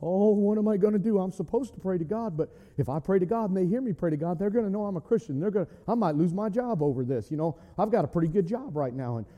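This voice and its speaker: A man voicing a worried man fretting quietly about losing his job, in a hushed, fretful mutter. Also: high-pitched, lively intonation, fast talker, few pauses, in a large hall, muffled recording.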